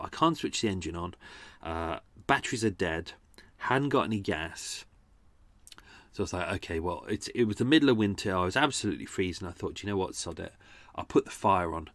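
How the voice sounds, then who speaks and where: Chatty, low-voiced man. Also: no echo. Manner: chatty, rambling, self-correcting, with mild swearing. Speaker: podcast host. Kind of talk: casual storytelling.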